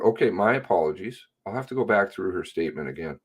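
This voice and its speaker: A man's voice: deep voice, lively intonation, fast talker. A man reading news reports aloud and breaking in with sarcastic comments. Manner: sarcastic asides.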